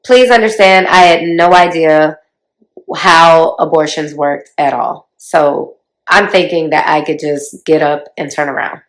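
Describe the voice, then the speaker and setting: A woman's voice: sits low, fairly even intonation, a little slow, poor audio. A woman in her forties telling her life story to her viewers in a chatty, confiding way, often talking straight to them. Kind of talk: casual storytelling to camera.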